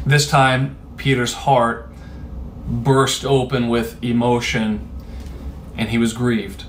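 A man's voice: medium pitch, little pitch movement, slow, long pauses, a little hiss or hum. A man preaching a sermon in a conversational, emphatic way, with rhetorical asides to his listeners.

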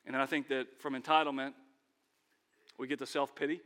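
A man preaching a sermon, animated, acting out characters and calling on the congregation to respond. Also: medium pitch, a little fast, pauses often, long reverb tail.

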